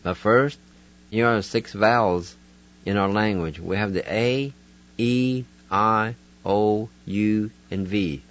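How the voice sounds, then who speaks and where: A man's voice: on the low side, highs cut off. A man teaching a radio vocabulary lesson, spelling words letter by letter and sounding them out syllable by syllable. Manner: patient, deliberate, syllable by syllable. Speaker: language teacher on a radio segment.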